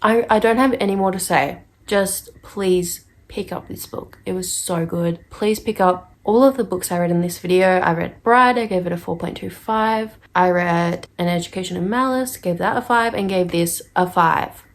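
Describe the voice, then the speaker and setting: A woman chatting casually in a reading vlog, gushing and excitable, repeating herself and laughing often. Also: on the low side, normal speed, hardly any pauses. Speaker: book vlogger.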